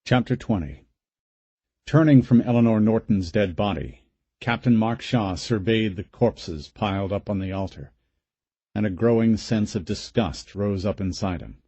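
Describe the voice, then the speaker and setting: A man's voice: lowish voice, unhurried, mellow, slightly rough, dry recording, highs cut off. A man reading a horror audiobook aloud in a dramatic, suspenseful way. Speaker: audiobook narrator. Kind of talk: scripted narration.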